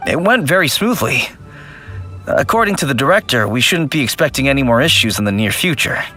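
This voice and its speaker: Jittery young undertaker, bright and tense, pitch jumping all over, soft music behind. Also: male voice, lively intonation, brisk. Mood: calm. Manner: jittery, pleading, yelps in fright. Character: timid young male undertaker, jumpy and fearful. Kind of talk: video game voice acting.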